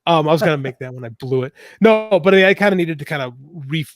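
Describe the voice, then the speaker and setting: A man's voice: a little high, animated, fast talker, no echo. Frank, rambling middle-aged man. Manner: rambling, frank, swears freely, many restarts. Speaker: author and podcast co-host. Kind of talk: casual podcast interview.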